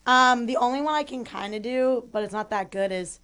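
A woman's voice: a little high, a little fast, fairly bright tone, clean tone. A young woman co-hosting a local sports radio show, teasing and giggling through casual banter.

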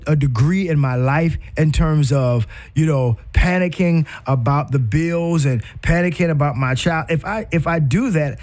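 Male preacher, higher voice, conversational sermon delivery with emphatic rises and repeats. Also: darkish tone.

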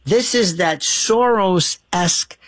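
A man's voice: sits high, slow, a bit bright, dry recording. A middle-aged man hosting a radio call-in show, telling stories with passion and acting out the people he quotes. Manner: impassioned storytelling, acts out quoted voices. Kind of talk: talk radio monologue.

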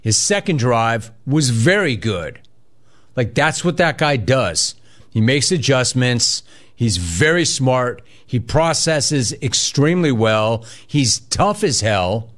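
A man hosts a casual sports talk radio show. He is energetic and chatty and talks in quick bursts. His pitch sits in the middle of the male range. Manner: energetic, fast bursts, reads listener chat aloud.

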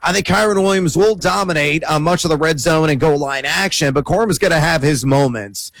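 Fast-talking man rattling off football stats. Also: fairly high pitch, fairly bright tone, no room sound. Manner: quick, numbers-packed delivery with fillers. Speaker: fantasy football analyst. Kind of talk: stat-heavy sports analysis.

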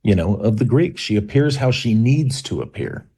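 A male guest author talks through ideas on a radio call-in show, stopping and restarting often. His voice is low and warm, with a husky grain. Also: animated. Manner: halting, many restarts and fillers. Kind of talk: talk radio interview.

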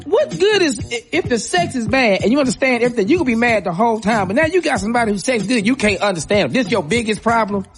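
A woman's voice: a little high, animated, fast talker, few pauses. A woman co-hosting a radio show, giving brash, teasing comic advice and acting out quotes. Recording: music bed behind the voice.

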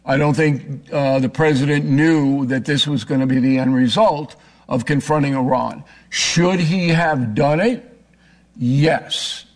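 A man making a forceful, argumentative case in a heated political debate, often cutting in. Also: medium pitch, steady tone, measured pace. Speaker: political commentator.

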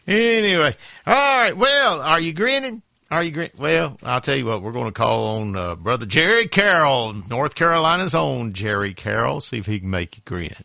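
A man's voice: on the high side, big pitch swings, moderate pace, gravelly, hardly any pauses, sharp tone, no room sound, clean studio sound. A man hosting a comedy show, chatting in a loose, hesitant way before introducing the next comic. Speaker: host.

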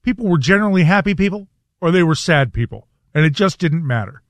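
A man on a radio talk show shares a reflective, earnest take in a measured voice. His voice sits a bit high, and the studio sound is dry and close. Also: animated, no room sound.

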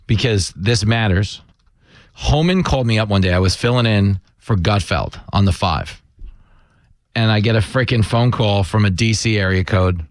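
A man hosting a comic talk radio show, jumping between quick jokes and self-mocking remarks. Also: mid-range voice, dry recording.

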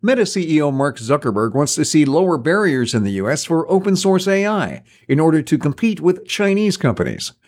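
A male anchor reads tech headlines in a polished, scripted delivery. His voice sits slightly high. Every line is clipped and even. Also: brisk, hardly any pauses, faint music behind. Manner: crisp, scripted. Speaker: news anchor. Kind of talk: radio news read.

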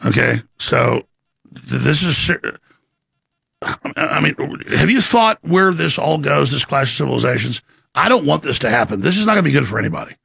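A man hosting a live call-in talk show, animated, incredulous and pressing his caller. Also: medium pitch, moderate pace, creaky, husky, no echo, studio quality.

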